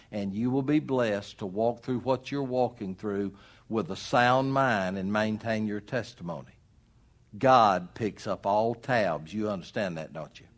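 A middle-aged man preaching a sermon as pastor, swinging between loud emphatic rises and quiet drops. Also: mid-range voice.

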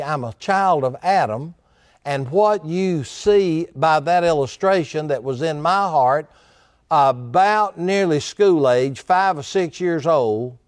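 A man delivering a sermon, acting out Bible scenes in turn and pressing his points with emphasis. His voice sits a bit high for a man. The sound is dry and close. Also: dry recording. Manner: dramatic preaching, acting out Bible dialogue. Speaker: preacher.

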